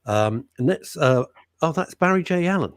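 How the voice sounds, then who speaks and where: A man's voice: a little high, expressive, moderate pace, clean tone, no room sound, clean studio sound. A man hosting a live radio show, rambling and joking as he greets listeners. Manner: rambling, jokey, reads out listener messages. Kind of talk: chatty live radio banter.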